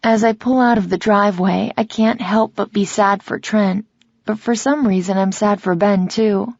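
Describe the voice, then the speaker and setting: A woman reading a first-person romance audiobook in a measured, reflective way, in a slightly dull, dry recording. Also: medium pitch, steady tone, darkish tone, no room sound. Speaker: audiobook narrator.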